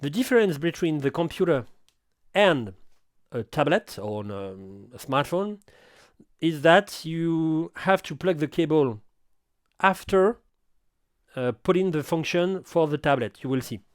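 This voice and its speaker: A middle-aged Frenchman talks through a gear demo at an unhurried, careful pace, often stopping to correct himself mid-sentence. His voice sits a little high and comes across smooth and clean, with a dry, close sound. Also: very animated, dry recording. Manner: halting, self-correcting non-native English. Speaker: audio gear reviewer. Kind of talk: hands-on equipment tutorial.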